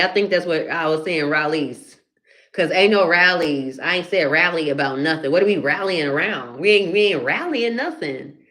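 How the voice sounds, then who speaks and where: A woman's voice: fairly low pitch, fairly bright tone. A woman chatting casually on a phone live stream, laughing often and calling her viewers honey. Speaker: comedian hosting a live stream.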